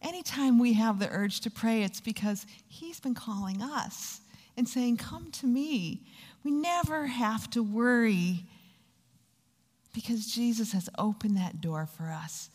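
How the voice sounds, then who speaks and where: A woman preaching a Bible lesson, her voice a touch higher than most. She tells stories, slips into voices for the people she quotes, and slows down on key lines. The sound rings with the long reverb of a large hall. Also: a little mellow. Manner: storytelling, acts out quoted voices, slows down for emphasis. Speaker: Bible teacher. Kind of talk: sermon.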